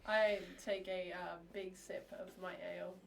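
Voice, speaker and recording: A woman's voice: lowish voice, level tone, measured pace, recorded from a distance, slight background noise. A woman playing her character in a tabletop game, dry and teasing. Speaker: player. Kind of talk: in-character tabletop role-play.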